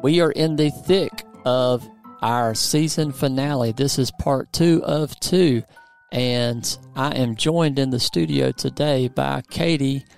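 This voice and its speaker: Upbeat gravelly male podcast host. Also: medium pitch, slow, soft background music. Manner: upbeat, playful, teasing. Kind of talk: casual podcast chat. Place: studio.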